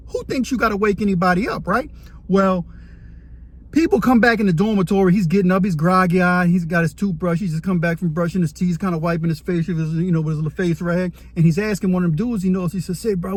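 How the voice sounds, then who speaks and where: A man telling a story about his time in prison, animated and dramatic, acting out what he saw. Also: high-pitched, husky. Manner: animated, vivid, dramatic retelling. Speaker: storyteller, former inmate. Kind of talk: casual storytelling to camera.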